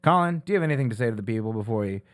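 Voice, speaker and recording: A man's voice: mid-range voice, expressive, very fast. A young man, co-hosting a comedy podcast with playful, jokey banter and frequent laughs. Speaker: podcast co-host.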